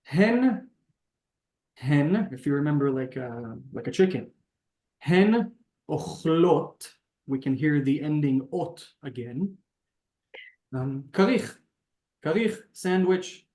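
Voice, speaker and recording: Teaching beginners Hebrew on a video call, this man is patient and animated, breaking things down step by step and pronouncing each word slowly. His slightly high male voice has a dark tone, and the call audio has a roomy echo.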